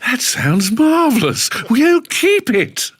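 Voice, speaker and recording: A shy yet theatrical male radio DJ, as a man imitates him in a high, slow, drawn-out voice. The exclamations come out plummy and camp, with a loud push behind them. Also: very animated, husky, full character voice.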